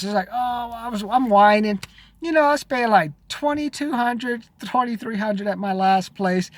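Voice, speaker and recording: A man's voice: high-pitched, no echo. A man giving blunt, profane money advice in a casual monologue to camera.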